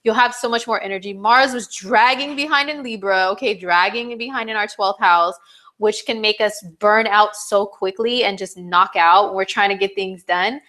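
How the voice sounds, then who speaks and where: A woman's voice: mid-range voice, moderate pace. Woman astrologer, casual live-stream forecaster, chatty and loose with fillers. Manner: chatty, animated, acts out little quoted exchanges.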